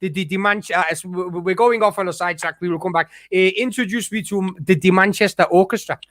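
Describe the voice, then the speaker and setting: A man's voice: high voice, fast talker, fairly bright tone, no room sound, studio quality. A man ranting angrily on a live stream, swearing hard and stumbling over repeated words as he talks. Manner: angry, profane, stammering with many restarts. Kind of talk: heated rant on a live stream.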